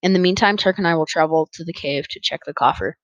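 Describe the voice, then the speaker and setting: A reader voicing a gruff rancher father who talks in short, clipped lines, read for an audiobook. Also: medium pitch, fast talker, a bit bright, no room sound, close to an everyday voice, low-quality recording.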